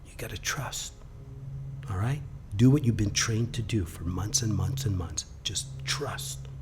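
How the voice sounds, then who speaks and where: Man voicing a calm old karate master. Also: moderate pace, background noise, lightly acted. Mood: reassuring. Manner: low, hushed, reassuring. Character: calm, wise older male karate master.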